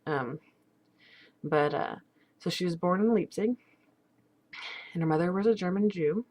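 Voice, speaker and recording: A woman's voice: lowish voice, a little slow, darkish tone. A young woman chatting casually at home in a rambling vlog, full of fillers and restarts. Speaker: steampunk vlogger.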